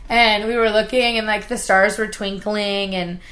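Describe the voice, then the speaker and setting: A woman's voice: mid-range voice, fairly even intonation, moderate pace, a bit bright. A woman in her forties co-hosting a podcast, telling rambling stories in casual chat and laughing often. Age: 40s. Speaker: podcast co-host.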